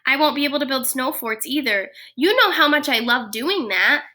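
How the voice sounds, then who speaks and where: A woman's voice: sits high, expressive, normal speed, sharp tone. A woman voicing a grumpy young rabbit who grumbles and whines in a storybook reading. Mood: grumbling. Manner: whiny, grumbling.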